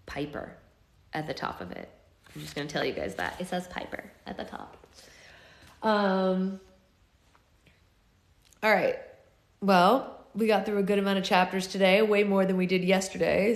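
A woman hosting a live book club, reading a novel aloud and chatting casually with her viewers. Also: fairly low pitch. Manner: casual, chatty between chapters. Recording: echoey room.

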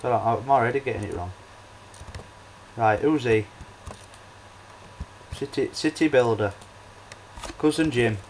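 A young man chats his way through a computer game, hesitant and rambling, stopping for ums and restarts. His voice sits at a middling pitch. Faint keyboard clicks and a light hiss sit behind him. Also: unhurried, pauses often, darkish tone, rough recording. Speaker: let's play host. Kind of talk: casual gameplay commentary.

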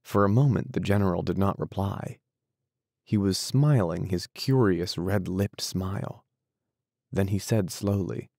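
A man reading a classic short story aloud as an audiobook narrator, steady and even. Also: low voice, unhurried, vocal fry, dry recording, studio quality. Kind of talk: scripted narration.

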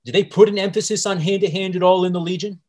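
A man's voice: sits high, fairly even intonation, fast, a little mellow. A man hosting a podcast, chatting in a laid-back way and telling his own stories. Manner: laid-back, laughs along and tells stories. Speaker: podcast host. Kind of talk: casual podcast conversation.

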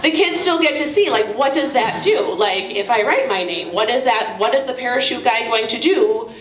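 A woman's voice: fairly high pitch, lively intonation, normal speed, soft background music. A woman casually explaining a math tool to teachers at an event. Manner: chatty, informal. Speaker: presenter. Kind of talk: casual demo talk. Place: museum event room. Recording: echoey room.

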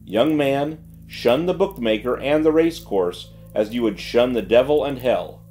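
A man's voice: medium pitch, animated, a little slow, dark tone, soft background music, natural voice. A man voicing a disgraced clergyman's farewell letter in a solemn, declaiming way. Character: ruined gambling clergyman writing farewell.

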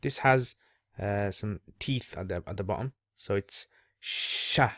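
With a lowish, unhurried voice, this Arabic reading teacher narrates a slow step-by-step lesson on letter sounds. He patiently repeats each sound for the listener to copy. The recording is dry, with clean studio sound.

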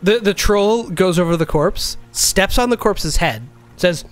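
A man's voice: sits high, measured pace, faint music behind. A man narrating as game master of a tabletop game, describing scenes with frequent restarts.

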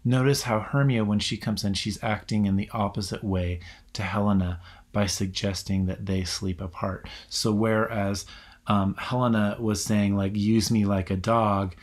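A man delivers a recorded lecture on poetry in a somewhat low voice. He talks haltingly, full of ums and restarts, and reads short verse lines aloud as he goes. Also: flat delivery.

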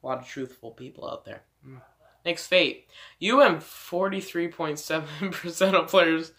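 A man's voice: fairly high pitch, unhurried, pushed and bright. Rambling casual male gamer. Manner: rambling, swearing, filler-heavy. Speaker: let's play gamer. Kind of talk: casual game commentary.

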